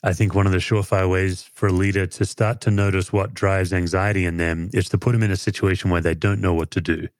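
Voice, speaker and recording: A man, a therapist interviewing a guest, asking probing questions in a gentle, measured and slightly halting way. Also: low-pitched, little pitch movement, no room sound, clean studio sound.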